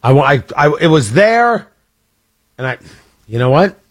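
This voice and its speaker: Husky and fairly high-pitched, this Midwestern radio man is very animated yet keeps a measured pace. His banter on air is full of jokes, self-deprecation, and frequent laughter.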